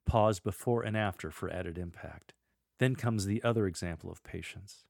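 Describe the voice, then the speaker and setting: A middle-aged man teaching church lectors how to proclaim a reading, measured and deliberate, pausing to model the lines. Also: deep voice, vocal fry, a little mellow, no room sound, studio quality. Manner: measured, demonstrates readings aloud with deliberate pauses. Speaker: lector coach. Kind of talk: instructional podcast on scripture reading.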